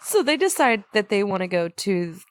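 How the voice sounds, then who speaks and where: A woman's voice: mid-range voice, sing-song, normal speed, no room sound, clean studio sound. A woman co-hosting a casual podcast, bluntly recapping a film and swearing offhandedly. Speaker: podcast co-host. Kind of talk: casual film discussion chat.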